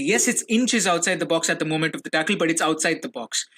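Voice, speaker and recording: A young man hosting a solo fan podcast, switching from chatty excitement to furious, sweary ranting, often repeating himself. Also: on the high side, quick pace. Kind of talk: solo football reaction podcast.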